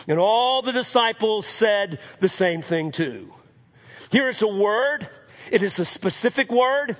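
A man's voice: sits high, animated, unhurried, a bit bright. A man preaching a sermon as pastor, repeating phrases for emphasis and calling out "Amen?" to the congregation.

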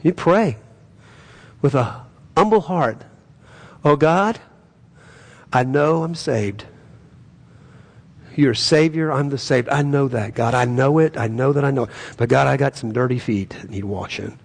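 A man with a gravelly, husky voice preaches as a pastor. He talks in an earnest, pleading way, and his emphasis swells through the prayers. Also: medium pitch, normal speed. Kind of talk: sermon and prayer.

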